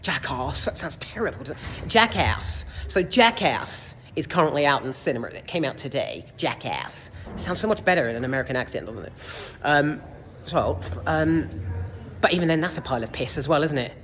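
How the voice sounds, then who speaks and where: A young male film reviewer rants casually for a vlog about a movie and the heat, sweary, exasperated and rambling. His voice is fairly high with lively intonation, brisk and fairly bright, recorded in a reverberant cinema foyer with faint background noise.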